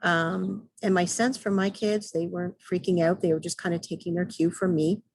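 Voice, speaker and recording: Middle-aged woman spiritual vlogger, husky low voice, calm halting delivery, dry close sound. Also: dry recording, low-quality recording. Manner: calm, hesitant, many ums and throat clears. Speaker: intuitive soul guide and mentor. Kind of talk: casual spiritual vlog monologue.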